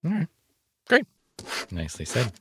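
A young man in casual comedic role-play, teasing and deadpan, running the challenges like a game master. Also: medium pitch, moderate pace, slight background noise.

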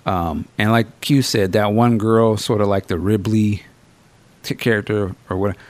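A man hosting a podcast, reviewing a film in casual, slangy, profane chat with animated storytelling. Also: fairly low pitch, unhurried, no echo. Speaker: podcast host.

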